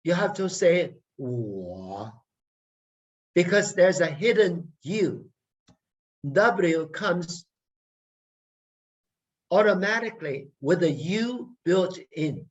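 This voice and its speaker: A man teaching a language workshop online, deliberately drilling each sound and repeating words for learners. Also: fairly high pitch. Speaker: language lecturer. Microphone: video call. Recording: muffled video call audio.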